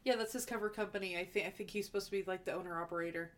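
A woman's voice: mid-range voice, steady tone, very fast. A woman co-hosting a casual podcast, chatty and agreeing, swearing freely. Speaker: podcast co-host. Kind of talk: casual chat.

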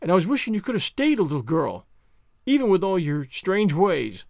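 A man reading the part of a reserved older farm woman, speaking slowly and haltingly. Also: high voice, sing-song, creaky, darkish tone, no room sound, studio quality, full character voice. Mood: wistful.

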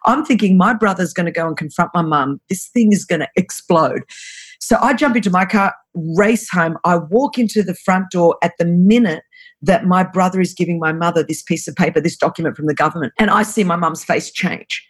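An Australian woman in her forties recounts a story as an interview guest. Her voice is slightly husky, and she laughs often and slips into little acted-out voices. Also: fairly low pitch, brisk. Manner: lively, laughing, acts out voices in her anecdotes.

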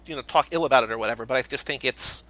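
Man, podcast host, casual movie chat, upbeat, bright tense voice. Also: medium pitch. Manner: runs through award categories, quick and upbeat.

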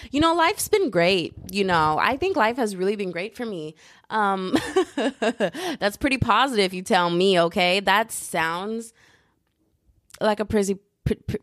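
A woman's voice: medium pitch, no echo, clean studio sound. A young woman hosting her own podcast from home, chatting in a bubbly, rambling, jokey way full of slang. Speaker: podcast host. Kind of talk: casual solo podcast chat. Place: indoors, at home.

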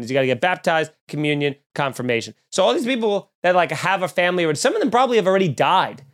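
A young man with a somewhat higher-pitched voice co-hosts a loose comedic chat. He riffs with sarcasm and profanity and slips into mock voices as he goes. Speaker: podcast co-host.

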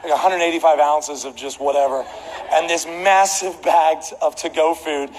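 A man preaching a sermon, telling a comedic story with animated delivery. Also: a little high, moderate pace. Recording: echoey hall with faint background noise.

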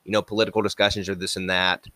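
A man hosting a casual talk show, speaking haltingly with many restarts and frequent agreement. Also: low voice, flat delivery, pushed and bright, no echo, studio quality. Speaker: podcast host. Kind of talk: casual chat.

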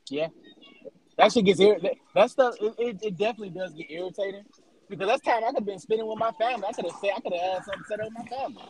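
A man's voice: high voice, rapid-fire, darkish tone, slight background noise, low-quality recording. A man calling in to a casual chat, joking and rambling with restarts. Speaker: caller, DJ.

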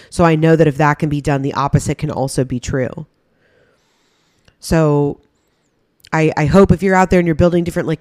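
A woman's voice: sits low, dark tone, no room sound, studio quality. A pregnant woman hosting a podcast, speaking in a candid, conversational monologue with casual swearing. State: heavily pregnant. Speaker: podcast host.

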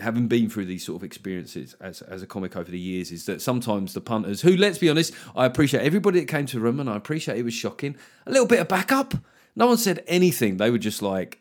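Swearing comic telling a story. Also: male voice, lowish voice. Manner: chatty, swears freely, acts out quoted voices. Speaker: podcast host and stand-up comedian. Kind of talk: casual solo podcast monologue.

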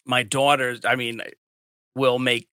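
A man's voice: mid-range voice, little pitch movement, takes it slowly, sharp tone, dry recording. A middle-aged man hosting a casual chat, rambling with many restarts. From Delaware County, Pennsylvania. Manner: rambling, frequent restarts and fillers. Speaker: podcast host.

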